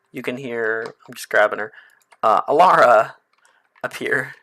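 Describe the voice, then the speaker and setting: A woman narrating as game master, halting with many ums and restarts. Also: a bass voice, a bit bright.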